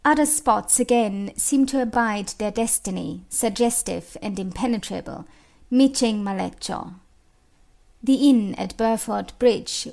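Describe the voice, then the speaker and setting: Slow, gravelly-voiced woman narrator. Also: medium pitch. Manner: slow, expressive recitation with dramatic rises. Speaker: audiobook narrator. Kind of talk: audiobook reading of literary passages.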